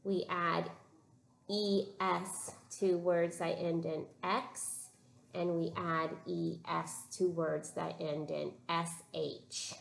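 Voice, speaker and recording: Slow, patient woman teaching phonics. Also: on the low side, level tone, creaky. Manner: slow, patient, drawn-out word modeling. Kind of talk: phonics lesson for young children. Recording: echoey room with faint room noise.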